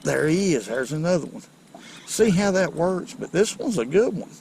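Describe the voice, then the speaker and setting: A man hosting a casual fishing vlog from a boat on a river, folksy and excitable as he talks to viewers. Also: on the high side, moderate pace, creaky, a little hiss or hum, poor audio. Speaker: fishing channel host.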